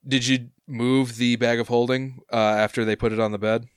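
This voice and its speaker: A man's voice: medium pitch, little pitch movement, moderate pace, smooth, no echo, clean studio sound. A man narrating a tabletop game as game master, rambling with lots of fillers.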